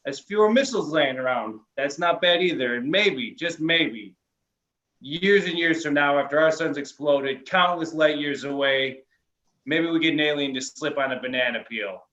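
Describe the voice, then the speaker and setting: A man with a Chicago accent telling a deadpan stand-up story. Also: fairly high pitch, moderate pace. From Chicago area. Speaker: stand-up comedian. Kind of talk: online stand-up set. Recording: lo-fi stream audio.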